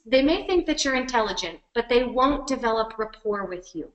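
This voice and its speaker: High-voiced, energetic woman coaching presenters. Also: normal speed, roomy sound, poor audio. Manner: energetic and emphatic, varies speed and loudness to demonstrate. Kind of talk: instructional webinar workshop. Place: at her computer on a web call.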